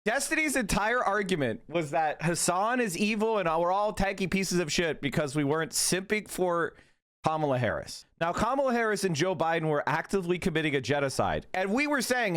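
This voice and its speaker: High-voiced ranting male streamer. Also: very animated, brisk, fairly bright tone, clean tone. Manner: profane, heated, mocking rants. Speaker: streamer host. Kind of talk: casual livestream commentary.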